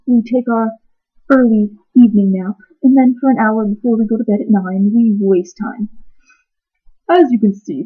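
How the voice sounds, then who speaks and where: A woman voicing sleepy, lazy townsfolk in a storybook reading, speaking in a drowsy, unhurried way with a husky voice. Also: mid-range voice, lightly acted. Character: lazy sleepy dawdling town folk. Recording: tinny phone-like sound.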